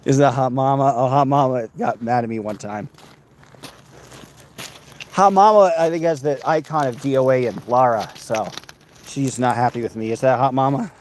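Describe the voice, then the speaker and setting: A man's voice: mid-range voice, normal speed, darkish tone, slight background noise. A man livestreaming while walking outdoors, reading viewer comments aloud and bantering with his chat.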